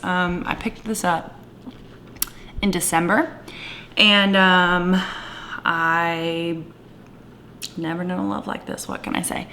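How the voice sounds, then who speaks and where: A woman talking through her makeup in a casual, gushing vlog, with a playful put-on Southern twang and soft whispered asides. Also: fairly low pitch, gravelly, slight background noise. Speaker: beauty vlogger. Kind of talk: casual makeup tutorial chat.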